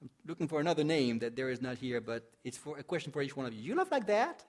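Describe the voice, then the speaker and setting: A man preaching a sermon in a mid-range voice, chatty and personal, with plenty of rhetorical questions and light humor. When he reads scripture, he slows down and lets his volume rise and fall for drama. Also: mid-range voice. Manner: dramatic scripture reading that swells loud and drops soft. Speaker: pastor.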